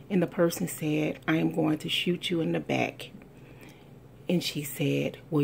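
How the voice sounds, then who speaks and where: Middle-aged woman, low voice, heavy gravel, earnest testimony, faint background hiss. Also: darkish tone. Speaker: speaker sharing a personal testimony. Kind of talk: heartfelt spoken testimony.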